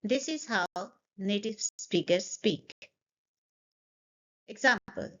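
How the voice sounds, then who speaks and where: A woman's voice: mid-range voice, expressive, slow, dull audio. A woman teaching spoken English, saying each sentence twice and explaining intonation. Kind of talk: slow, clear pronunciation lesson.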